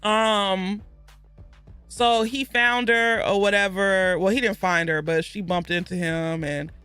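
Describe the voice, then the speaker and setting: Book-club vlogger, chatty and rambling, bright tone, faint music underneath. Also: mid-range voice, fairly even intonation, takes it slowly, smooth, no room sound. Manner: chatty and rambling, with self-corrections and asides. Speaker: book club video host. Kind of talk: casual book recap.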